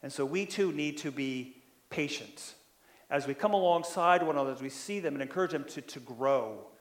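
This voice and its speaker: A man preaching in a loose, conversational way, slightly higher-pitched than most men. He keeps asking his listeners whether they follow and builds up in force as he drives a point home. His voice rings in a roomy, echoing space. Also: moderate pace. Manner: animated, builds in loudness when stressing a point. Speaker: pastor. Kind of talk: sermon.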